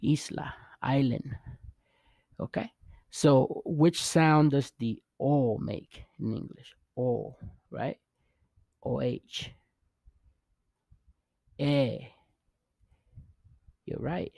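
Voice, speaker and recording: A man teaches in an unhurried, patient way, repeating each sound and gently encouraging the learner. His voice has a gravelly, mellow edge. The recording is dry and close, with no room around it. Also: mid-range voice, no echo. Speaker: Spanish teacher. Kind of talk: casual spoken lesson.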